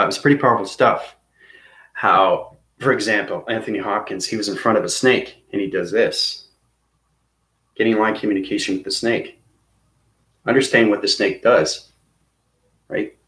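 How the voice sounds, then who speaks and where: A spiritual teacher with a lowish, slightly bright voice, in a roomy-sounding recording, delivers a rambling, casual instructional monologue. He keeps pausing to check in with "okay?" and "right?".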